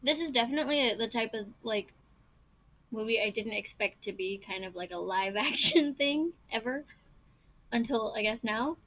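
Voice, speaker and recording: A woman's voice: on the high side, lively intonation, moderate pace, sharp tone. Lady guest chatting with lots of ums, mouth half full, kinda muffled lo-fi audio. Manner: hesitant, fillers, eating while talking. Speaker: podcast guest. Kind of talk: casual chat.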